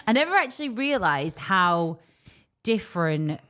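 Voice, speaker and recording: A young English woman with an English accent chats on a podcast in a deep, low voice. Her pitch swings up and down as she talks, animated and full of quick asides. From England. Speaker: podcast co-host. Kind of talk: casual chat.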